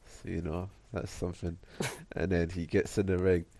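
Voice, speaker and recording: A man's voice: sits low, little pitch movement, normal speed, vocal fry, warm tone, no room sound. A man co-hosting a podcast, casually recapping with frequent laughs and swearing. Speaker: podcast co-host. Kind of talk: casual chat.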